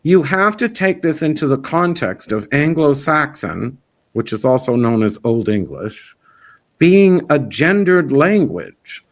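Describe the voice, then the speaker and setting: A man's voice: mid-range voice, very animated, measured pace. A man who organizes a festival, chatting in an interview in a rambling, frank and opinionated way. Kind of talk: casual interview chat.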